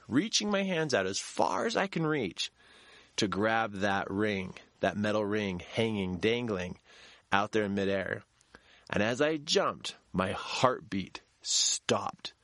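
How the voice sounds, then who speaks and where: Animated storytelling man, dry sound. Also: no echo. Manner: animated storytelling, shouts quoted lines high. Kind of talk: storytelling talk.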